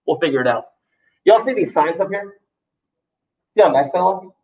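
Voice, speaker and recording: A man's voice: high voice, animated, moderate pace, phone-quality sound. A man, a teacher talking loosely and jokingly to his class in a classroom. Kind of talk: classroom talk to students.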